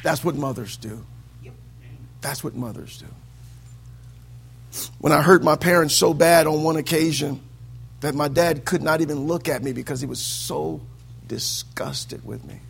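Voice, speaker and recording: A man preaching a sermon in a church, swinging from hushed lines to loud, sing-song peaks. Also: on the high side, creaky, slight background noise.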